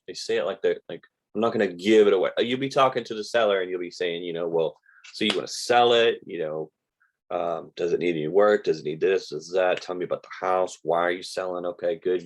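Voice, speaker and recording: Deep-voiced older American man, chatty. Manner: chatty storyteller, quoting conversations, says "like" a lot. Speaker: real estate investing teacher. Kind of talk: casual live-stream teaching.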